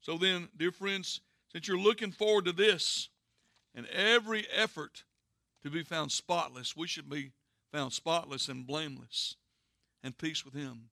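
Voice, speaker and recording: Bright-voiced preacher telling a story. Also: male voice, a little high, vocal fry, no echo, clean studio sound. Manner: earnest storytelling with dramatic pauses and hushed endings. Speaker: pastor. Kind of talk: sermon.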